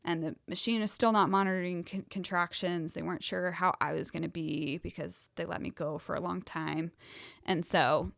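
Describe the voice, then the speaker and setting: A woman's voice: lowish voice, fairly even intonation, normal speed, gravelly, hardly any pauses, a bit bright, no room sound, studio quality. A young woman co-hosting a podcast, telling a personal story in casual chat with many fillers and emotion. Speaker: podcast co-host.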